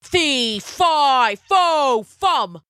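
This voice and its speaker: A woman voicing a huge, foul-smelling male giant who roars out slow, chanted threats in a storybook reading. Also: high voice, lively intonation, sharp tone, dry recording, clean studio sound, pitched above the performer's own voice, full character voice. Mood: roaring.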